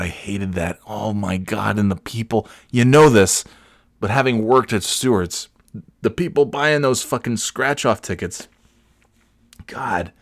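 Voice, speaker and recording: A man's voice: fairly low pitch, dry recording, studio quality. A man in his forties hosting a solo comedy podcast, rambling from one tangent to the next, cursing and restarting his sentences. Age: 40s. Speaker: podcast host.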